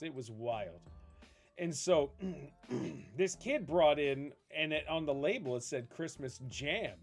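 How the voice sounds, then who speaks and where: A man streaming a game, chatting casually with his viewers, enthusiastic and rambling, reading their questions aloud. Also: medium pitch. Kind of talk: casual chat with live viewers while gaming.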